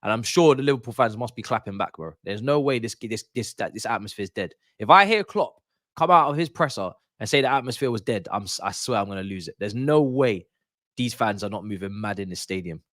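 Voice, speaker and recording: A young man, doing excited, slangy live commentary for a football watch-along stream, repeating himself as he reacts. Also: fairly low pitch, brisk, dry recording, clean studio sound.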